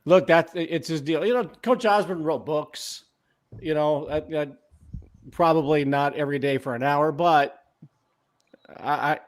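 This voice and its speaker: A man's voice: fairly high pitch, a little slow. A man co-hosting a sports talk show, making his points emphatically and repeating them, with fillers like uh and um. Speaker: sports radio co-host.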